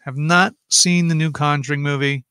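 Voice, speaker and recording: A man's voice: fairly high pitch, steady tone, normal speed, bright, forceful tone, clean tone, no echo, studio quality. A man hosting a casual livestream from home, chatting and rambling as he reads out viewer comments and answers them.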